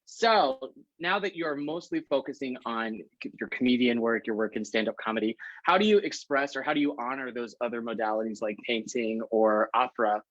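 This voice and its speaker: A man co-hosting a casual interview, asking questions in a friendly, measured way. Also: medium pitch, no echo, lo-fi sound. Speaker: co-host.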